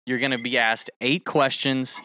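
A man hosting a casual podcast game show, energetic and joking as he hypes up a guest on a studio mic. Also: medium pitch, normal speed, smooth, dry recording. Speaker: show host.

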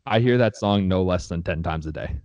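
Blunt, low-voiced man talking sports. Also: fairly quick, darkish tone, smooth, dry recording, muffled recording. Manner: blunt and opinionated, swears freely. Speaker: sports podcast co-host. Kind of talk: casual sports chat.

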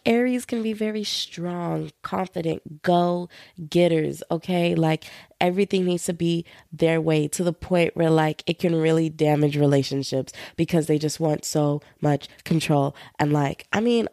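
Slangy twenty-something girl podcasting, kinda run-down, low voice with some fry. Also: no echo, studio quality. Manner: chatty, slangy, animated storytelling. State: feeling run-down. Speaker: podcast host. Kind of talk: casual solo podcast chat.

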